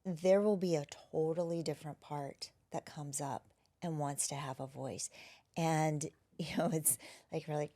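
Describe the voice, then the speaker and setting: A woman who is a wellness practitioner, talking gently and reflectively as an interview guest, often dropping to a soft near-whisper. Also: low-pitched, steady tone, unhurried. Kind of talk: casual interview conversation.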